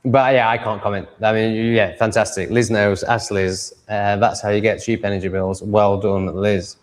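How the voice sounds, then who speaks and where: A man's voice: fairly low pitch, level tone, moderate pace. A man hosting a casual livestream, rambling and reading viewer comments aloud before answering them.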